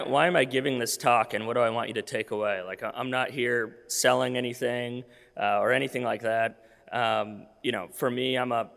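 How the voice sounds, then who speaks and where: A man's voice: medium pitch, gravelly, fairly bright tone. A man in his thirties giving a conference presentation, losing his voice, casual with many fillers and restarts. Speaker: conference speaker. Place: conference hall. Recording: long reverb of a hall.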